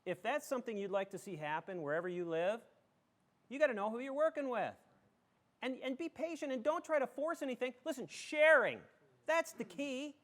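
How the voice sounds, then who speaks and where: A man's voice: extremely high pitch, lively intonation, moderate pace, fairly bright tone. A middle-aged man from western New York, a school superintendent giving a folksy, joking, emphatic talk to a community audience. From southern tier of western New York.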